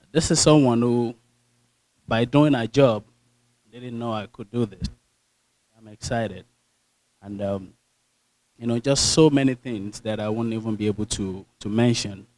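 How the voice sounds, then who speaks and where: A young man with a Nigerian accent giving an earnest, animated motivational speech to an audience, telling stories and acting out the dialogue. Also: medium pitch, no echo, low-quality recording. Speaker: speaker.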